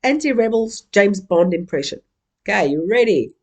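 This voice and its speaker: A woman's voice: mid-range voice, sing-song, moderate pace, a little mellow. A woman from Africa, giving an interactive keynote and playfully coaxing the audience to join in. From South Africa. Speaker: keynote speaker.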